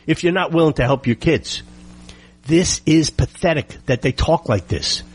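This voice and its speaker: A middle-aged man holds forth in an indignant monologue, hammering his points with rhetorical questions and repetition. His voice is husky and sits a little high for a man. His pitch swings widely as he presses each point. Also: lively intonation, moderate pace. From United States. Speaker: political commentator. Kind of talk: opinionated monologue.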